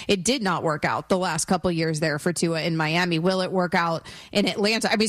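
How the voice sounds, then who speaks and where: A woman hosting a sports radio show, talking through football in a measured, conversational way. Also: fairly low pitch, dry recording, studio quality. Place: radio studio.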